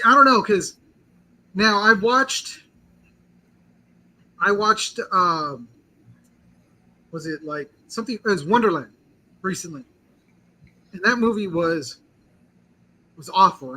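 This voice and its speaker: High, very bright male podcast host. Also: expressive, takes it slowly, pauses often, slightly rough, rough recording. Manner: eager, rambling, heavy use of "like". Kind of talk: casual chat.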